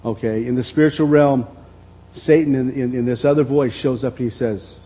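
Mellow, husky-voiced male preacher. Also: medium pitch, steady tone, rough recording. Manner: unhurried, repeats words while reading scripture aloud. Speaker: pastor. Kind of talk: sermon.

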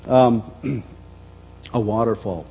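A middle-aged man preaching a reflective sermon as a pastor, dropping to a soft voice and then lifting it again. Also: medium pitch, slow, creaky, breathy edge, rough recording. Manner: reflective, speaks softly then lifts his voice.

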